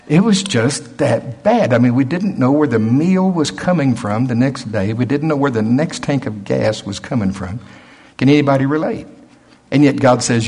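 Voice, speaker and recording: A man's voice: medium pitch, lively intonation, measured pace, a little mellow, slightly rough. An older man preaching a sermon, telling stories in a folksy way and acting out the voices of others.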